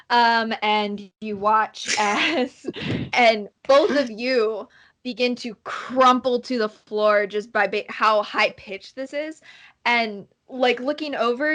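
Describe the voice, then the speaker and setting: A woman narrating a tabletop game as game master. She describes scenes at length and pauses often with fillers. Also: fairly high pitch, fairly bright tone.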